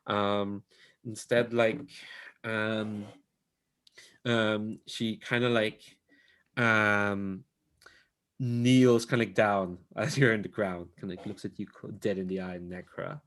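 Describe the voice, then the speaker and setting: A man's voice: fairly low pitch, flat delivery, slow pace, a bit bright. Giggly, rambling game master, a man. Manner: rambling, full of ums and likes, laughs often. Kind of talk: casual tabletop game narration.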